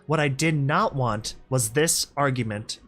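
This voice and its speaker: A young man reading a story aloud and breaking off for excitable, laughing commentary. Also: medium pitch, a little slow. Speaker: reader and commentator.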